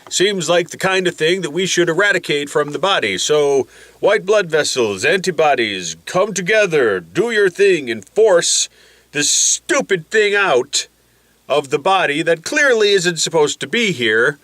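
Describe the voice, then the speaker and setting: A man's voice: a little high, sing-song, measured pace, fairly bright tone, no echo, voice pushed up. A man voicing his indignant body rallying its defenses. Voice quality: stuffy, congested. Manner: bossy, rallying commands. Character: indignant body defending itself, male, bossy.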